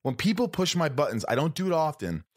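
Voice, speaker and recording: A man in casual conversation, telling stories with animated quoted dialogue and frequent swearing. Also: fairly high pitch, fast talker. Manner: animated storyteller, acts out quotes, swears often. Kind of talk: casual storytelling chat.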